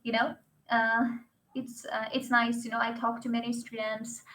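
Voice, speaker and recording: A woman's voice: on the high side, flat delivery, moderate pace, sharp tone, a little hiss or hum, rough recording. A young woman English teacher chatting casually and animatedly about her students, with non-native phrasing. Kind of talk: casual chat.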